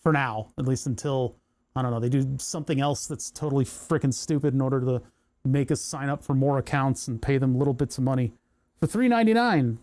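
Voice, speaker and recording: Rambling, sarcastic man with a mellow voice. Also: medium pitch, flat delivery, brisk. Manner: rambling, sarcastic asides, lots of restarts. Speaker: electronics hobby channel host. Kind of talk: casual workbench chat to camera.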